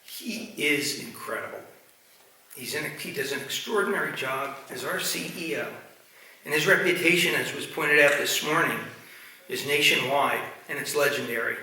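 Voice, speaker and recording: A man's voice: medium pitch, pushed and bright, a little hiss or hum. A man, the new president of a medical society, giving a formal speech to delegates, joking and thanking colleagues. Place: large meeting hall. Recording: echoey hall, distant mic, crowd murmur.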